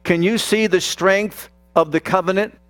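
A man's voice: high-pitched, fairly even intonation, no echo. A man preaching a sermon, speaking emphatically and addressing the congregation directly. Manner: slow, emphatic, talks straight to the congregation.

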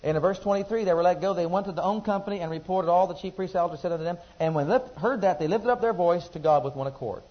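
A man preaches a sermon in a slightly high voice, questioning his listeners as he goes. He rises to loud emphasis, then drops to quiet asides. The recording is dull and lo-fi. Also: fast, few pauses.

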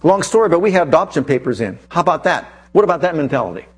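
A male preacher delivers an animated sermon at a racing pace, his husky voice pitched fairly high. He tells a personal story and reads scripture aloud with emphasis.

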